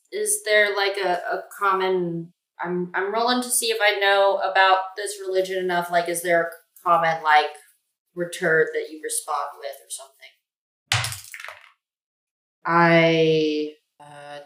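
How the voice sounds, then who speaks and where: A woman's voice: fairly low pitch, steady tone, slow pace, fairly bright tone, echoey room. A woman taking part in a tabletop game as a player, talking casually and a little hesitantly.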